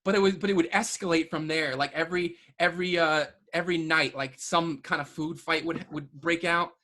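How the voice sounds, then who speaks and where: Guest: man, high bright voice, halting delivery, casual stories. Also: steady tone. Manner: hesitant, repeats words and restarts sentences. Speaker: podcast guest. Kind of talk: casual storytelling chat.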